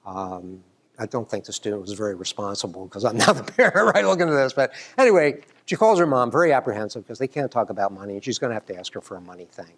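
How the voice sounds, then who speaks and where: A man's voice: on the low side, fast talker. A middle-aged man from New York, a writing professor giving an earnest, hesitant symposium talk full of ums and restarts. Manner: earnest, hesitant, many ums and restarts, leans into quoted dialogue. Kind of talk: academic conference talk.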